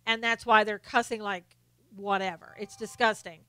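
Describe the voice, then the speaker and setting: A woman's voice: medium pitch, steady tone, moderate pace, pushed and bright, smooth, no echo. A woman hosting a political commentary live stream. She is blunt and opinionated, lists her points one by one, and answers viewers' comments by name.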